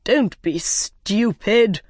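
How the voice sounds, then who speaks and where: A woman voicing a blustering, bossy male king from a storybook who speaks in slow commands. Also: medium pitch, a little mellow, dry recording, studio quality. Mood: threatening.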